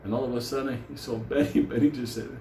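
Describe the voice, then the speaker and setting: A man's voice: medium pitch, fairly even intonation, fast, vocal fry, mellow. A middle-aged man telling a crude, rambling story, swearing constantly and often laughing. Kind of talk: casual profane storytelling. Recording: roomy echo with faint hum.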